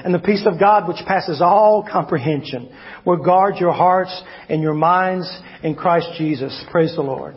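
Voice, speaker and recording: Male pastor, high voice, emphatic sermon delivery, dull lo-fi recording. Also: a little slow. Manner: preaching with swings from loud emphatic shouts to low quiet asides. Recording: long hall reverb, dull lo-fi sound.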